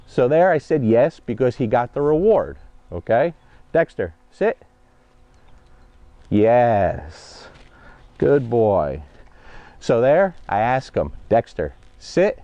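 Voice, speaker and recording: A man's voice: mid-range voice, mellow, no room sound. Blunt New man coaching dog handling. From New Jersey, USA. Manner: direct, conversational, keeps checking in with "okay?" and "guys". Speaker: dog trainer. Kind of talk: instructional vlog while training a dog. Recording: dull, muffled lo-fi mic.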